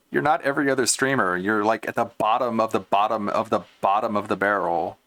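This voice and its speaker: A man's voice: fairly low pitch, brisk, hardly any pauses, fairly bright tone, no room sound. A man streaming and reacting to clips in casual commentary, mocking and swearing as he rants. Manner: mocking, profane ranting.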